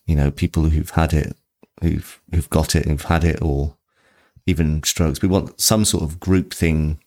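Very deep-voiced easygoing woman. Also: fairly even intonation, measured pace, darkish tone. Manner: easygoing, supportive, fills gaps with um. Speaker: podcast co-host. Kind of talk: casual chat.

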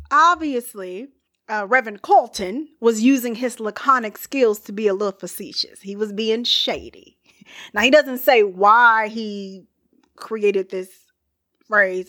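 A woman's voice: on the high side, a bit bright. A woman hosting a podcast, casually telling a history story with playful, chatty asides and frequent laughter.

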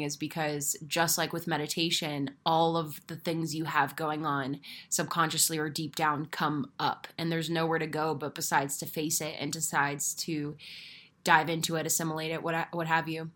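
A young adult woman hosting a podcast, telling a personal story in a candid, animated way with casual swearing. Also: low voice, moderate pace. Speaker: podcast host. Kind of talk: casual solo podcast monologue.

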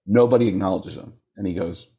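A man with a slightly husky voice tells stories in a casual interview. His pitch swings widely as he goes. His delivery is animated and loose, the way a comedian chats. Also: moderate pace. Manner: animated storyteller, jumps into voices when quoting people. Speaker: comedian guest.

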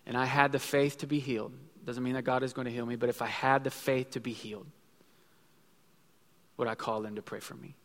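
A pastor in his thirties preaches a conversational sermon in a church sanctuary, acting out little quotes as he goes. His mid-range voice has a fairly bright tone, and the recording carries long hall reverb with faint music.

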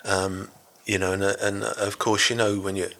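Older British ex-navy man, low voice with a bright edge, chatty and rambling as an interview guest. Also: level tone, moderate pace. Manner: rambling, full of restarts and "you know". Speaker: interview guest, former navy rescue diver. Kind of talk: storytelling in a casual interview.

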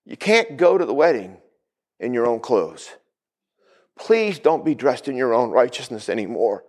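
A man's voice: fairly high pitch, big pitch swings, moderate pace. A male pastor preaching a sermon, calling out to the congregation for responses.

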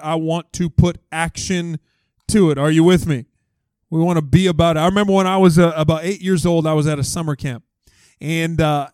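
A man preaching a sermon as pastor, telling a story in an animated way and acting out other people's voices. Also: on the high side, clean tone, no room sound. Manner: animated, acts out voices in stories.

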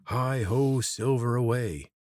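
Man doing an earnest young hero, husky, dry close sound. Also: sits low, brisk, a little mellow, no echo.

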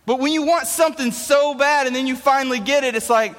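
A young man with a notably high voice tells an animated, playful story as a youth speaker. His jokey delivery rings out with a long hall reverb. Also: a little fast. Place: large hall before an audience.

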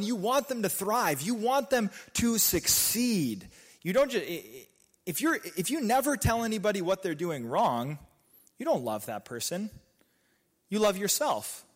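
A young man preaching a sermon, energetic and casual, repeating rhetorical questions and dropping slang. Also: high voice.

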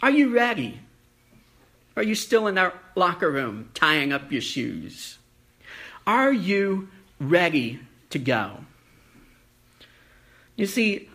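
A preacher giving a sermon, telling a folksy story with lots of ums and uhs and slowing down for emphasis. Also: medium pitch, fairly bright tone. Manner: folksy storytelling with many fillers; slows down for emphasis.

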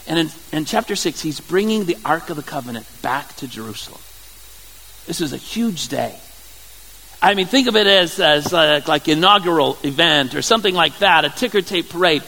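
Male pastor, high voice, sermon delivery, conversational and halting; reverberant hall. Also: lively intonation, pushed and bright, slight background noise. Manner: conversational, halting, repeats words.

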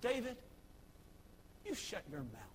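A man doing scornful big brother Eliab, low. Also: wildly swooping pitch, slow pace, slight background noise, exaggerated voice.

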